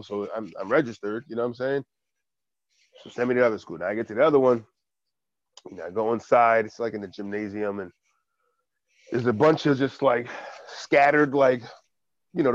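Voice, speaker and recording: A man co-hosting a podcast, telling an animated story in casual chat and swearing often. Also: medium pitch, dry recording, muffled recording. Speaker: podcast co-host.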